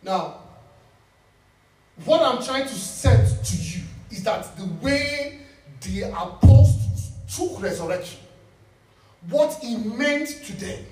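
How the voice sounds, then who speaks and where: A man preaching a sermon in a church, repeating key lines for emphasis and laughing as he talks. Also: extremely high pitch. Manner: animated, repeats phrases for emphasis, laughs while speaking. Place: church hall. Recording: echoey church from a distant mic.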